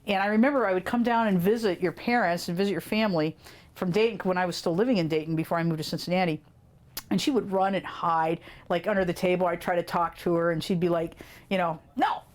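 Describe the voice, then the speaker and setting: Woman with a fairly low voice, interview subject sharing lively anecdotes that are full of laughter. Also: fast talker. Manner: animated, laughs often, quotes children in dramatic voices. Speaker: family friend interviewee. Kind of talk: casual storytelling in an interview.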